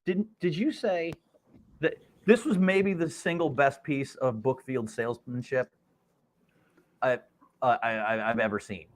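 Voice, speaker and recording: A man voicing a smooth, persuasive door-to-door book salesman with a coaxing, mock-innocent patter. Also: medium pitch, unhurried, lightly acted.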